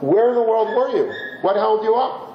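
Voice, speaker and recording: A man voicing a middle-aged shopkeeper's wife who scolds her husband with rapid-fire questions. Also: high voice, lively intonation, roomy sound, dull audio, slight background noise, voice pushed up. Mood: exasperated.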